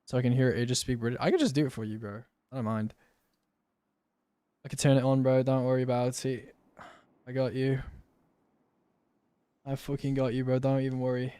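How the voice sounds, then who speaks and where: A young man streams live, laid-back and slangy, often tossing in "bro," at a fairly quick pace broken by long pauses. His ordinary-pitched voice barely moves in pitch and sounds mellow, clear and resonant, in a close, dry recording with no room sound.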